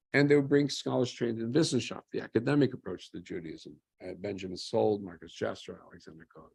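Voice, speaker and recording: Male lecturer with a husky voice. He asks himself questions, answers them with dry humor and keeps it conversational. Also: on the low side, darkish tone. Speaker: lecturer on Jewish history. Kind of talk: informal history lecture.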